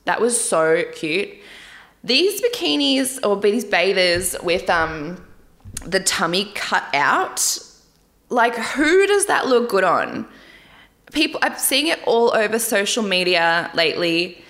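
A woman's voice: mid-range voice, very animated, takes it slowly, fairly bright tone. A young woman vlogging casually about a dating show, candid and chatty, often laughing and swearing lightly. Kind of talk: casual chat.

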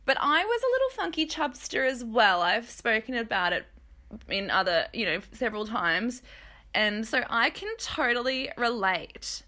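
A woman chats through gossip commentary with a candid, joking manner and quick asides. Her voice sits a little high and sounds bright and sharp. She speaks casually, as if talking to friends. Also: sing-song. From Australia. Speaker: podcast host.

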